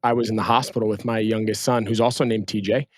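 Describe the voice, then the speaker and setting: A man hosting a podcast, speaking in a measured, sympathetic way. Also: fairly low pitch, little pitch movement, no echo, clean studio sound. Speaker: podcast host. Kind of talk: casual interview chat.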